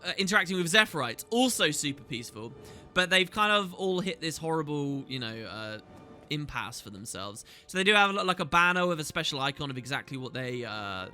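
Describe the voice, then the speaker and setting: A man's voice: a little high, lively intonation, brisk, pushed and bright. A man hosting a gaming video, chatting casually as he plays and reading quest dialogue aloud. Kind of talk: casual gameplay commentary. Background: faint game music.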